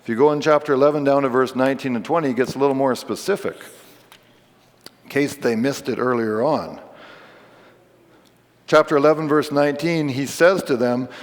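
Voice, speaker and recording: Male pastor, mid-range voice, plain relaxed sermon delivery, church reverb. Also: mid-range voice, brisk, long pauses. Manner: conversational, explains scripture with casual asides. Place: church sanctuary.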